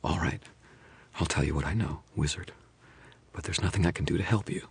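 A man's voice: low-pitched, normal speed, breathy edge, no echo, pitched above the performer's own voice. Man voicing a frightened, pleading mother. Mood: resigned. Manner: strained, pleading, close to tears. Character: frightened, grieving mother, a woman in her thirties.

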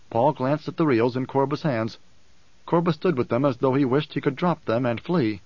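A male audiobook narrator reading in an even, measured way. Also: medium pitch, no echo, lo-fi sound. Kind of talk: scripted narration.

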